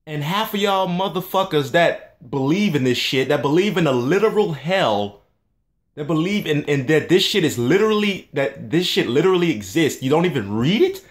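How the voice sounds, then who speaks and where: A man's voice: a little high, animated, moderate pace. A man in a casual monologue, ranting in a heated, scornful and profane way.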